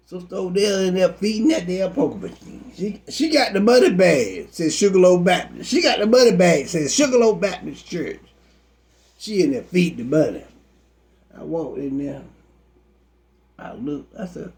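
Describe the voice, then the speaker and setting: A man telling a comic story as a frustrated pastor, exasperated and animated. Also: high voice, moderate pace. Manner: exasperated, animated, Southern Black church vernacular.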